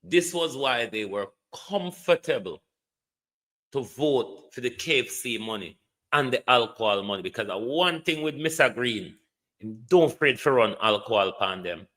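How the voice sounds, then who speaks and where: A man's voice: medium pitch, animated, moderate pace, a bit bright. A man with a Jamaican accent giving a mocking, scolding political rant on a livestream, sliding between standard English and patois. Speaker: political commentator.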